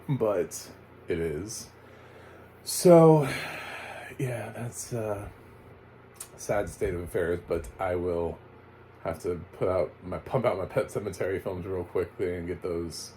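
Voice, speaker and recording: A man's voice: deep voice, a little mellow, a little hiss or hum, poor audio. A man casually reviewing a film, rambling and chatty with frequent laughs and fillers. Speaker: movie reviewer.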